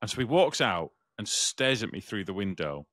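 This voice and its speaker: A British man co-hosting a podcast, telling a story in casual chat, animated and swearing freely. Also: on the low side, normal speed, no echo, studio quality. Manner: animated, swears freely, acts out other voices. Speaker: podcast co-host.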